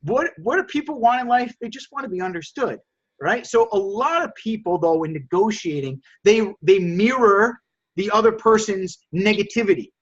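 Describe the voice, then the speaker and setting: A man coaching a group call on lowballing, energetic and coaxing, often repeating words. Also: normal speed. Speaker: sales coach and host. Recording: dull lo-fi call audio.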